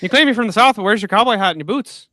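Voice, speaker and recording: A man rambling through voice-chat banter in a high, bright voice, piling on filler phrases. He talks fast, and the sound is dry. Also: expressive, dry recording. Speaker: debate participant.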